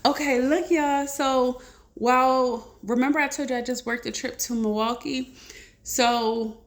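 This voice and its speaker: A woman, sharing a heartfelt personal testimony in a rambling, casual vlog chat to her viewers. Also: fairly high pitch. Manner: emotional, rambling, talks straight to viewers.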